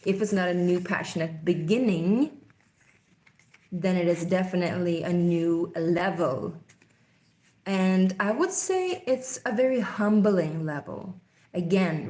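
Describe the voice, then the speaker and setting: A woman giving an excited, chatty tarot reading to her viewers, often breaking into laughter and calling them sweethearts. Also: medium pitch, echoey room. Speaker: tarot reader. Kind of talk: casual tarot reading to camera.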